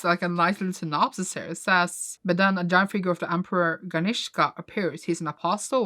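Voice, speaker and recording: Emotional woman gushing over a comic. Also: fairly low pitch. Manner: excitable, gushing, laughs often, retells scenes with quoted voices. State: emotional, near tears. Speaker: manga reaction vlogger. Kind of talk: casual reading reaction.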